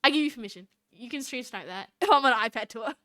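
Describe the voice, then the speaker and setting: A woman's voice: on the high side, animated, fast talker, pushed and bright. A young Australian woman chatting casually on a live stream, giggly and reading chat aloud. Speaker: VTuber streamer.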